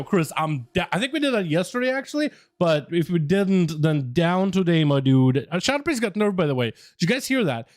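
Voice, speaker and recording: A young man chatting casually with viewers on a gaming livestream, loose and full of swearing. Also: sits high. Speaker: gaming streamer. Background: faint music.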